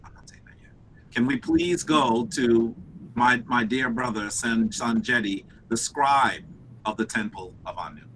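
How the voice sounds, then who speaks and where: A man with a bright, forceful voice moderates a memorial gathering, affirming speakers and calling on each in turn. A faint hiss sits under his voice. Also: mid-range voice, lively intonation, unhurried, poor audio. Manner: warm, affirming, calls on speakers. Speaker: ceremony moderator.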